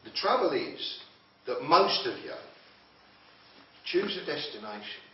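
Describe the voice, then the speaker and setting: A blunt man lectures a group in a confrontational way, firing questions at the listeners. His fairly high voice sits far from the mic in an echoey room. The old recording sounds dull and lo-fi. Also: big pitch swings, measured pace, slight background noise. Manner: blunt, challenging, pokes at the audience with questions. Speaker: motivational speaker.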